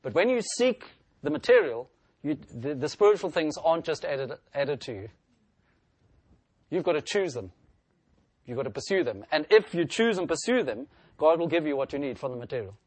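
A man's voice: on the high side, sing-song, moderate pace, darkish tone, no room sound. Earnest male preacher, dry close sound. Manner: earnest preaching, voice rising to read scripture aloud. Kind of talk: sermon.

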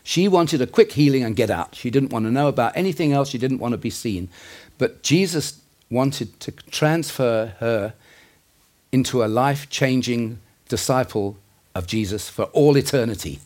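A man's voice: mid-range voice, lively intonation, moderate pace, a little mellow. A man preaching a sermon in an earnest, conversational way, with asides and self-corrections.

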